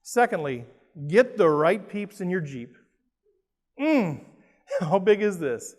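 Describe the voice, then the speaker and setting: A middle-aged man from Minnesota with a Minnesotan accent, giving a lively, playful motivational talk to a conference audience and asking them questions. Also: high voice, slow. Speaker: keynote speaker. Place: large conference hall with an audience. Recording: roomy hall reverb.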